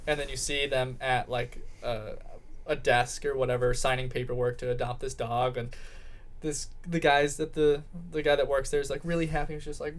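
A man's voice: little pitch movement, normal speed. A young man co-hosting a casual podcast, retelling a comedy sketch in a rambling way and slipping into voices for the people in it. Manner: rambling storyteller, acts out characters in high voices. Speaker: podcast co-host.

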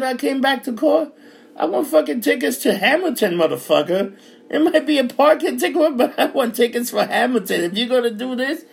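A man's voice: extremely high pitch, vocal fry. A man from New York City in an angry, profane rant, sarcastic and furious.

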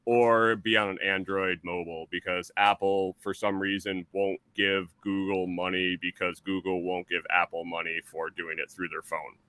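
A man's voice: deep voice, little pitch movement, moderate pace, hardly any pauses, sharp tone, dry recording, rough recording. A man appearing as a guest on a podcast, chatting in a laid-back, rambling way with some swearing. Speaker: guest, full-time RVer channel creator. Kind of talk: casual conversation.

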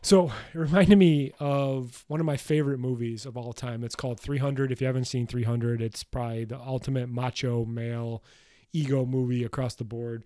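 Man hosting a solo podcast. Mellow voice, blunt and emphatic, swears casually. Dry, close recording. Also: medium pitch, steady tone, moderate pace, no room sound. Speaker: podcast host.

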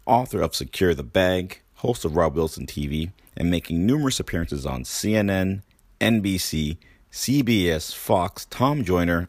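A man's voice: low-pitched, expressive, normal speed, dry recording, clean studio sound. A man hosting a podcast, opening the show in an upbeat, announcer-like way and then interviewing his guest. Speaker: podcast host.

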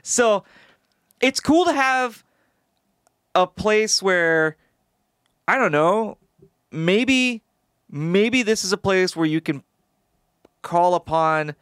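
A man with a slightly raised voice chats on a podcast, animated and quick to blurt out references and the odd swear word. His voice is close and dry on a studio podcast mic, with no room sound around it. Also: fairly high pitch, smooth, dry recording. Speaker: podcast co-host and actor. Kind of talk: casual podcast chat. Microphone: studio podcast microphone.

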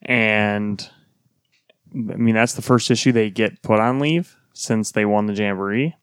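A man's voice: lowish voice, unhurried, clean tone, no room sound, clean studio sound. A man co-hosting a podcast, arguing his views casually and swearing now and then. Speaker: podcast co-host. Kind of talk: casual chat.

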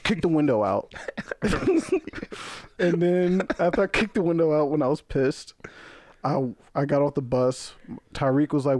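A man's voice: on the high side, moderate pace, long pauses, no echo, clean studio sound. A young man, a podcast guest telling a story in casual chat, swearing freely and acting out what people said. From Brooklyn, New York. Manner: animated, profane, acts out quoted voices.

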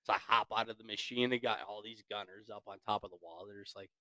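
Talking fast in a lowish, pushed, bright voice with fairly even intonation, a thirty-something equipment operator on a podcast shares war stories. He's profane and laughing, freely swearing and acting out what people said in the casual chat. There's no room sound.

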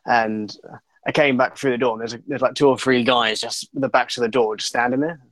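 A man's voice: medium pitch, steady tone, a little fast, fairly bright tone, no room sound, low-quality recording. Hesitant man chatting. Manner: hesitant, many fillers and restarts. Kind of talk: casual chat.

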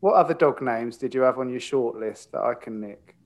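A man's voice: medium pitch, a little fast. A man co-hosting a casual chat, easygoing and asking short questions with lots of tag questions. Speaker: podcast co-host.

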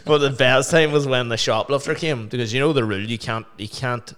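A man's voice: medium pitch, a little fast, a bit bright, clean tone. A man with a Northern Irish accent hosting a casual chat, telling sweary anecdotes with laughter.

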